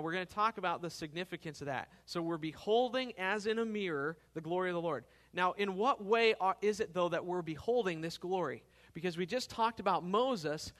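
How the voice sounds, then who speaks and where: A man preaching an expository sermon as pastor, earnest, swelling louder on key phrases and checking in with the congregation. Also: high voice.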